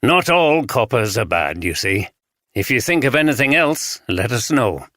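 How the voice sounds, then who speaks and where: A man voicing a calm, kindly male police detective in an audiobook, speaking in a gentle, reassuring way. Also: medium pitch, a little slow, dry recording, clean studio sound.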